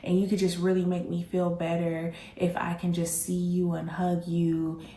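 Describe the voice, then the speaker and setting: A woman's voice: on the low side, monotone, moderate pace, mellow, roomy sound, slight background noise, close to an everyday voice. A woman voicing her tired, whiny truck driver boyfriend, sounding sad and pleading. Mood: mopey pleading.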